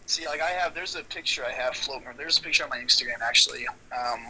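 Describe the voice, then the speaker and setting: A man, a professional wrestler, telling stories in a casual podcast chat, animated and swearing freely. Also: medium pitch, fast talker, a little hiss or hum, rough recording. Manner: animated storyteller, swears freely, acts out quotes.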